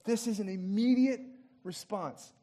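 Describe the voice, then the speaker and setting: A man with a strikingly high voice delivers a lively, interactive sermon. He jokes as he goes and cues the audience to act out the story with him. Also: measured pace. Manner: playful, directs the audience to act out the scene; jokey asides with light laughs. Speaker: pastor.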